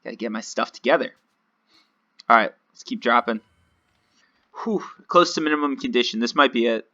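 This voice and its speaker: Man, casual gameplay commentary, self-mocking, bright tone, dull recording. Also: mid-range voice, normal speed. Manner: chatty, rambling, self-mocking. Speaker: gaming video host.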